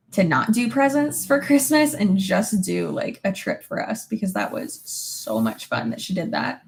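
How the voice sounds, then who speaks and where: Woman in her 30s, vlogger, casual chatty delivery, frequent laughs and loose swearing, mid-pitched. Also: vocal fry, slight background noise. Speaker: vlogger reading viewer comments. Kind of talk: casual chat.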